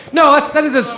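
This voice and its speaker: Man, live stand-up host, profane sarcastic rant, animated delivery, roomy echo. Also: extremely high pitch. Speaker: comedian host. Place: live comedy venue. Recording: echoey live room with crowd. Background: audience.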